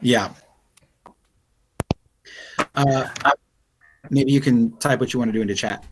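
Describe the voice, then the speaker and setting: A man's voice: mid-range voice, takes it slowly, a little hiss or hum, low-quality recording. Man running a tabletop game, um-filled narration. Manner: descriptive, hesitant with many fillers. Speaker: game master.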